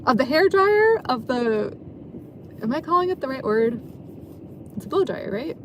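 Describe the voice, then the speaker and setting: A woman with a slightly high voice talks from her car in a loose, rambling vlog monologue. She is self-mocking and breaks into laughter often. A faint hum of noise sits behind her. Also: big pitch swings, unhurried. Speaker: vlogger and dancer. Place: parked car.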